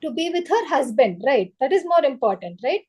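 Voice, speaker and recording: A woman's voice: high-pitched, very animated, a little fast, a little mellow. A woman telling a story to children on a video call, checking in often with "okay?" and "right?". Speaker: children's teacher. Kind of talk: storytelling lesson for kids.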